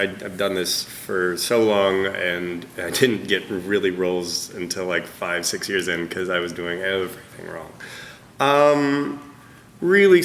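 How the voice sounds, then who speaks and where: A man being interviewed as a voice actor at a press roundtable, talking in an animated, self-deprecating way with frequent laughter. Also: low-pitched, slight background noise. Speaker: voice actor guest. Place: convention press room.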